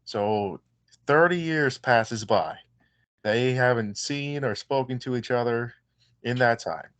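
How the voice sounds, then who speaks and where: A man who wrestles, a guest telling stories in an easygoing, relaxed way during a casual interview. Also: mid-range voice, slow pace, no room sound.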